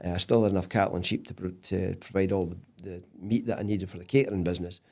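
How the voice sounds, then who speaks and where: A middle-aged man with a Scottish accent, a podcast guest telling stories in casual interview chat, animated and laughing often. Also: sits low, fast, creaky.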